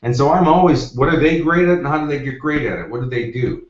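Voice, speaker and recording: A success coach with a voice on the high side tells anecdotes quickly and energetically in an interview, acting out the quotes. The recording sounds roomy, distant, and dull lo-fi.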